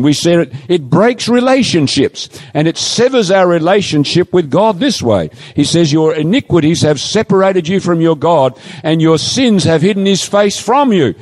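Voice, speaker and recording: Preacher man with lively pitch, reverberant hall. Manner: emphatic, pleading, drawn-out quoting of scripture. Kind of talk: sermon.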